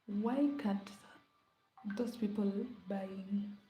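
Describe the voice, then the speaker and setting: A woman's voice: medium pitch, extremely slow, highs cut off, a little hiss or hum. A woman chatting casually on a live stream, rambling and often dropping into a whisper. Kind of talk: casual late-night live chat. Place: indoor room at home. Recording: echoey room with faint ambience.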